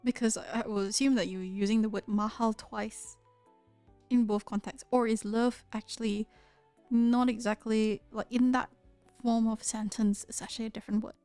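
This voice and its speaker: Malaysian accent, woman, young adult, casual stream chat, laughs easily, many restarts, dry sound, soft background music. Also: fairly high pitch, fairly even intonation, moderate pace, clear, resonant tone, no room sound. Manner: curious, chatty, laughs often, many restarts. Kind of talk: casual livestream chat with viewers. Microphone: close studio mic.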